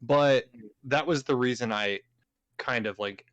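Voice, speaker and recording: A man's voice: medium pitch, unhurried, fairly bright tone, no room sound, dull audio. A man playing in a tabletop game, laid-back and rambling as he tells what his character does. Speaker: player. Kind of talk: casual tabletop play.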